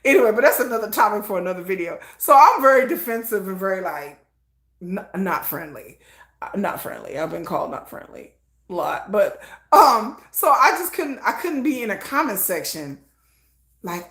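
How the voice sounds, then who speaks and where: A middle-aged woman hosting a casual livestream, blunt and animated, laughing often and acting out conversations. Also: medium pitch, normal speed, reverberant. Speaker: livestream host.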